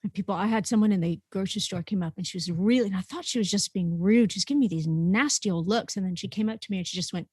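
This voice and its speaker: A woman's voice: mid-range voice, fast, hardly any pauses, darkish tone, slightly rough, dry recording. Chatty woman co-host with a dry sound. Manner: laughs often, chatty and playful. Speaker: podcast co-host. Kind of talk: casual chat.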